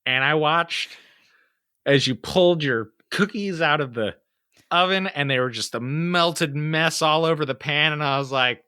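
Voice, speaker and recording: A young adult man co-hosting a podcast, telling stories in a casual, animated way and acting out the voices in them. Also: fairly high pitch, measured pace, clear, resonant tone, dry recording, studio quality. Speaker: podcast co-host. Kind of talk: casual storytelling chat.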